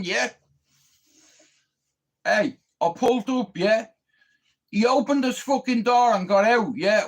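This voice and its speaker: A fairly high-voiced Irish man rants to his livestream about a neighbour and a repairman. He swears constantly and talks in a boastful, combative way. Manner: heavy swearing, confrontational, boastful. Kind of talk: casual storytelling rant.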